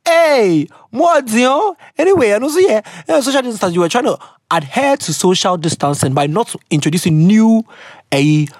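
Lively, chatty young woman podcast host. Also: medium pitch, normal speed, dry recording, clean studio sound. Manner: animated and chatty, laughs often, goes off on tangents, mixes in Twi slang. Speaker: podcast host reading listener letters. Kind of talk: casual chat.

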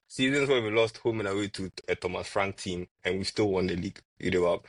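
Husky man talking football. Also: low voice, a little fast, no room sound. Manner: animated, repeats words when arguing. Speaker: podcast co-host, football fan. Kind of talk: casual football chat.

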